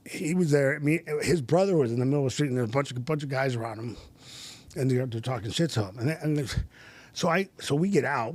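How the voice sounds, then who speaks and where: A man's voice: mid-range voice, no room sound. A middle-aged man tells stories as a podcast guest, circling back and restarting his sentences. He laughs often as he goes, loose and conversational. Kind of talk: casual storytelling.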